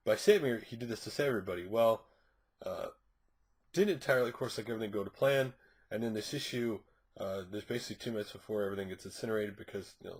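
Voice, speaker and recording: A man's voice: fairly low pitch, husky. A man reviewing a comic book issue, recapping the plot casually in a rambling way with frequent fillers and restarts.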